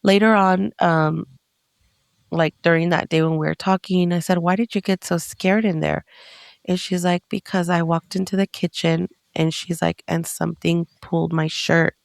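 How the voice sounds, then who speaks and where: A woman co-hosting a podcast tells a rambling story in a fairly low voice with a gravelly edge. She piles on fillers and acts out the quotes along the way. Her close mic gives a dry sound. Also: fairly even intonation, normal speed, dry recording. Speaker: podcast co-host. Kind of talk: casual storytelling.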